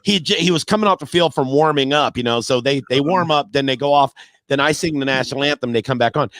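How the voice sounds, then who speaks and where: A man's voice: medium pitch, fast talker, fairly bright tone, dry recording. A man co-hosting a casual sports podcast, telling a joking story with playful, exaggerated quoted lines. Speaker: podcast co-host.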